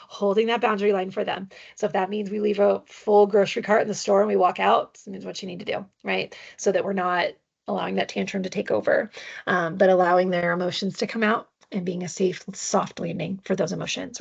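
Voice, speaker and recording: A woman's voice: medium pitch, creaky, slightly rough, lo-fi sound. A woman presenting a parenting webinar with slides, talking conversationally and often checking in with tag questions. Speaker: adoption parenting educator.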